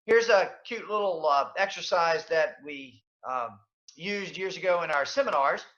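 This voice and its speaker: A man leading a workshop over a video call, with a bright, high-pitched voice that lands hard on his key points. He leans on fillers and restarts and often repeats a line for emphasis. The audio is dull and lo-fi, like a typical webinar feed. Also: measured pace. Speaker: leadership coach and webinar presenter. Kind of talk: webinar presentation.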